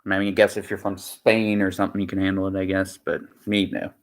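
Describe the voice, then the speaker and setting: A man's voice: sits low, monotone, quick pace. A man chatting casually on his livestream, rambling and repeating himself with lots of filler words. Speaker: streamer.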